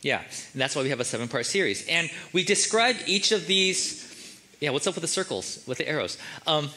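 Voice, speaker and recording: Bright-voiced, joking male pastor. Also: a little high, lively intonation, normal speed. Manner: casual, joking, conversational preaching. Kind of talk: sermon.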